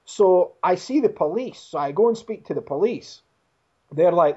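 High-voiced man telling a sweary story. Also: normal speed, husky. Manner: expletive-heavy, animated storytelling. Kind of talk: casual anecdote. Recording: dull lo-fi sound.

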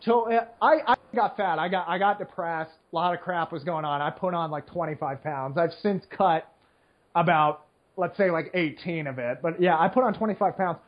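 A man's voice: on the high side, normal speed. A man who plays poker, talking in a casual, rambling monologue with many fillers, checking in with "right?" as he goes. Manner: rambling, filler-heavy, keeps asking "right?"; mocks complainers in whiny put-on voices. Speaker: poker player. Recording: slightly muffled lo-fi recording.

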